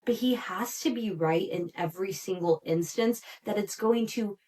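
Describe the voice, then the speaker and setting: A woman hosting a podcast, recapping a reality show in a chatty, animated way, with frequent "like" fillers and laughter. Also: mid-range voice, moderate pace. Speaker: podcast host.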